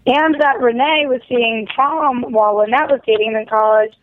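A woman co-hosting a podcast over a phone line, chatting in an animated, self-deprecating way about a TV episode. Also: a little high, moderate pace, a little hiss or hum. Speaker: podcast co-host. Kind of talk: casual TV recap chat.

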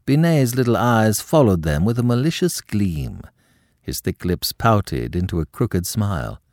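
A male narrator reading a classic novel aloud, his low voice moving expressively through the sentences. Close, dry recording. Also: no echo. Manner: expressive, measured storytelling. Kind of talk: scripted audiobook narration.

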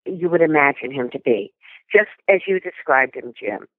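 An older woman, a guest in an interview, tells lively anecdotes and often restarts her sentences. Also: low-pitched, normal speed, no room sound. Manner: animated anecdotes with many restarts. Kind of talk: storytelling interview. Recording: tinny phone line.

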